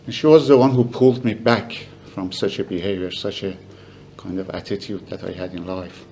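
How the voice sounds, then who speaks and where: An older man giving a halting, emotional memorial speech for his mother. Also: sits low, steady tone, creaky, a little hiss or hum. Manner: halting, emotional, soft-spoken. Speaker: family member giving a eulogy.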